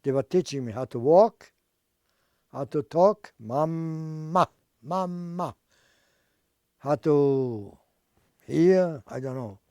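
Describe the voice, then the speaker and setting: Older man, unhurried testimony, mellow tone, halting non-native English, searches for words. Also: medium pitch, animated, dry recording, clean studio sound. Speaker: Holocaust survivor giving testimony. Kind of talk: oral history testimony.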